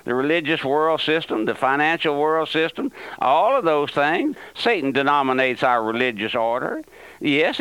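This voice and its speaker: A man's voice: a little high, a bit bright, smooth, no echo, rough recording. An older man, a pastor, preaching a radio sermon with emphatic repetition.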